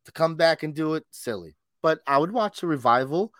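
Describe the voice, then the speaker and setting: A man co-hosting a loose pop culture podcast, his somewhat high voice swinging widely in pitch as he talks. He laughs often, swears freely and keeps calling his co-host bro. The sound is close and dry, with no room around it. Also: lively intonation, a little fast, fairly bright tone, dry recording. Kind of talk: casual pop culture chat.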